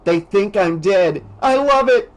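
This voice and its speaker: A man's voice: high-pitched, sing-song, measured pace, breathy edge, pitched above the performer's own voice, heavily acted. Man doing a cocky teenage boy, lifted voice. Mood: teasing. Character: cocky teenage boyfriend, later terrified.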